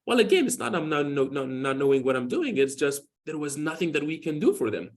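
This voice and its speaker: A man in his forties with a slightly high, sing-song voice gives a fairly quick hospital lecture as a dermatologist. His speech wanders with frequent "you know"s and restarts, and he recounts patient stories in an easygoing way.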